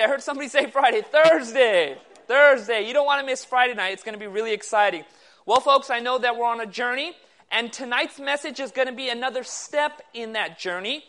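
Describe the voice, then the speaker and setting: Preacher guy at a meeting hall, asks the crowd for amens, prays low and hushed. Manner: calls for audience amens and questions. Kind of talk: sermon. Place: meeting hall with live audience.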